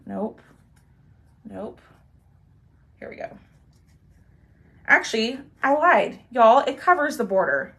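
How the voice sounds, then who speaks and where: A young woman with a fairly high, expressive and slightly bright voice hosts a chatty live craft stream, speaking slowly and pausing often. Bubbly, she talks viewers through her work and thanks commenters as she goes.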